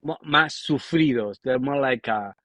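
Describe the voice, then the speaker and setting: A man's voice: mid-range voice, a little slow, pushed and bright, dry recording, low-quality recording. A man with an Argentine accent, speaking English as a second language, hosting a casual podcast interview and often restarting his sentences as he searches for words. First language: Spanish. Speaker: podcast host.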